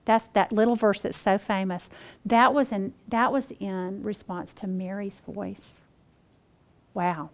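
A woman teaching the Bible to a group, folksy and animated, talking to them as y'all. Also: mid-range voice, takes it slowly.

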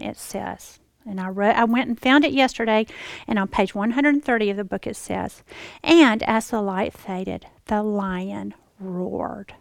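A woman giving a personal testimony to a congregation, dramatic and folksy, swinging from loud exclamations to hushed whispers. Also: mid-range voice, no echo, clean studio sound. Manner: folksy, addresses the audience as y'all. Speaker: speaker addressing a congregation.

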